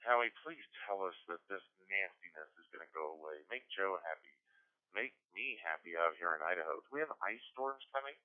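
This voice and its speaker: Low-voiced guy hosting a ham net, teasing, tinny radio sound. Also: lively intonation, brisk. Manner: teasing, playful. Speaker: net control host.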